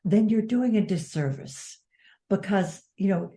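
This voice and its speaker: An older woman author speaking in an interview, earnest and measured. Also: medium pitch, animated, mellow. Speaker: author and advocate. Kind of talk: interview conversation.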